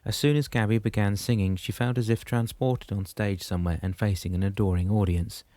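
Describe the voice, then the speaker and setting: Deep, mellow male audiobook narrator. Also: fairly even intonation, a little fast, no echo. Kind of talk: scripted narration.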